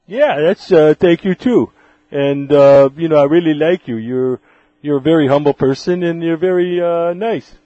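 A man in his fifties co-hosting a casual podcast, cracking deadpan jokes. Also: on the high side, normal speed, no room sound. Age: 50s. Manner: deadpan joker. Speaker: podcast co-host. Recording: dull, dry lo-fi audio.

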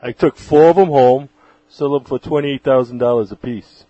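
A man in his fifties co-hosting a casual podcast, cracking deadpan jokes. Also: medium pitch, moderate pace, dry recording. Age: 50s. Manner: deadpan joker. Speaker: podcast co-host. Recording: dull, dry lo-fi audio.

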